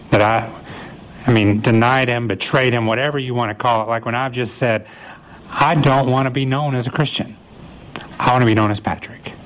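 A man's voice: mid-range voice, low-quality recording. A man preaching an earnest, conversational sermon, talking things through with frequent restarts. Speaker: pastor.

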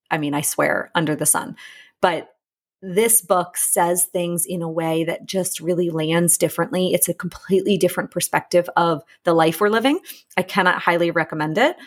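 A woman relationship coach talks through her podcast in a somewhat low, husky voice. She is earnest and chatty, wanders into asides, then slows down to say her key lines twice. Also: steady tone. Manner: earnest, repeats key lines slowly for emphasis. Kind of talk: casual podcast monologue.

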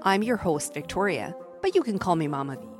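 A woman hosting a children's story podcast, reading a rhyming picture book aloud in an animated, expressive way. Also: lowish voice, brisk, music in the background. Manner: animated, expressive, warm-hearted.

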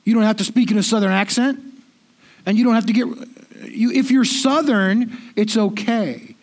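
High-voiced man preaching casually. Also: normal speed. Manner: conversational and self-deprecating, with frequent repetitions. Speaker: pastor. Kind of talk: sermon.

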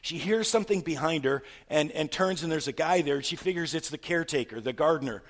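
A man preaching a sermon, retelling a story with stammered repeats and rhetorical questions, swinging from loud to hushed. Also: on the high side, quick pace. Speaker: pastor.

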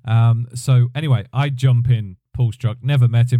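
Speaking at a moderate pace in a steady, dark, mid-range voice, this middle-aged podcast host and drummer wanders through a personal anecdote. He's chatty and keeps self-correcting, captured in a dry recording.

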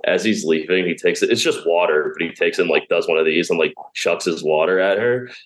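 A man's voice: sits low, brisk. A man telling comedy stories in a casual chat, often laughing as he talks. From Pennsylvania. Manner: laughs through his stories. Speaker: stand-up comedian guest.

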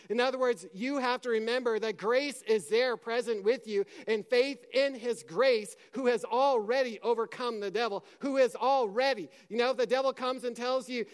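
A man preaching a sermon with passion, dropping to a hush and then rising to a shout as he acts out scripture scenes. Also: extremely high pitch, moderate pace, few pauses, clear, resonant tone. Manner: impassioned, swings from hushed to shouting; acts out scripture dialogue in character.

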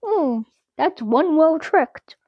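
A woman's voice: high voice, animated, takes it slowly, dry recording, highs cut off. A woman reading a picture book aloud to children, playful and full of exclaiming asides. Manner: playful, exclaiming, chats to kids.

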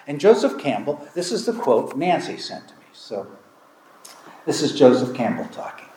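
A man's voice: medium pitch, big pitch swings, moderate pace, warm tone. A man preaching a sermon as a pastor, speaking in a conversational, storytelling way and acting out dialogue. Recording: echoey room.

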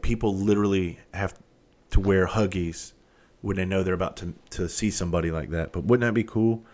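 A man who used to be a police officer and is from South Carolina, telling a long profane story in a casual, animated way, sometimes loud and sometimes hushed. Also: low voice.

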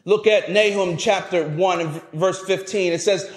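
A male pastor preaching a sermon, emphatic, rising to loud peaks and dropping low at phrase ends, often repeating words as he restarts. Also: fairly even intonation, moderate pace, hardly any pauses. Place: church sanctuary. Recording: echoey church sanctuary.

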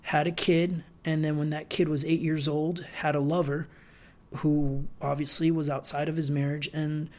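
A young man hosting a solo podcast, reviewing films in a loose, rambling way and acting out scenes with quick quoted voices. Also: a little high, little pitch movement, darkish tone. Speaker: podcast host, film reviewer. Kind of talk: casual solo film review.

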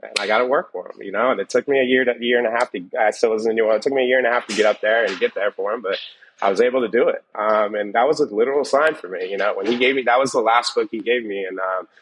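A man's voice: lowish voice, very fast, a bit bright, a little hiss or hum, poor audio. A man, a chef, telling his story in an interview, rambling with many fillers and quoted dialogue. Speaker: chef, guest.

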